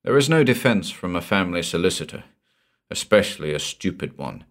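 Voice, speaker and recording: Deep-voiced man reading a story. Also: sing-song, fairly quick. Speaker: audiobook narrator. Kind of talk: scripted narration of a short story.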